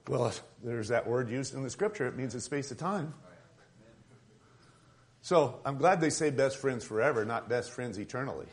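A man preaching a sermon as pastor, conversational and joking, with quick asides. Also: medium pitch, expressive. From Tucson, Arizona.

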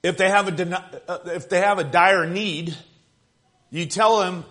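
A man preaching a sermon in a conversational yet emphatic way, building up to forceful points and dropping to quiet asides. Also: sits high, steady tone, measured pace. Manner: emphatic, conversational preaching with rising and falling intensity.

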